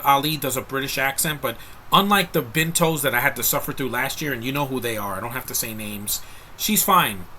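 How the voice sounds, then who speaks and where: A man's voice: medium pitch, bright, forceful tone, a little hiss or hum. A man giving a casual, rambling film review, talking frankly to his viewers with frequent restarts. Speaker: movie reviewer.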